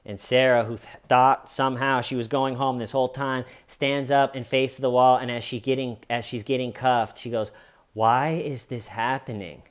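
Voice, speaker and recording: A man walks through an interrogation in a casual, lively retelling. He keeps slipping into the voices of the people he quotes. His tone is smooth and clear at an ordinary pitch. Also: normal speed, few pauses. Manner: animated storyteller, mimics the people he quotes. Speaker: true crime commentator.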